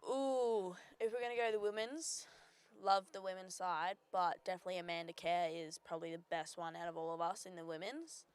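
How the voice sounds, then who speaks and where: A woman's voice: on the low side, steady tone, fairly quick, clean tone, no echo. A young Australian woman, a bowls player, answering questions hesitantly with frequent ums. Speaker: bowls player being interviewed.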